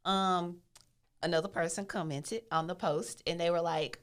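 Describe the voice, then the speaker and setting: A woman with a somewhat low voice hosts a podcast in a casual, conversational way. She listens supportively and affirms her guest often, then raises her own questions and stories. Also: fairly even intonation, moderate pace. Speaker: podcast host.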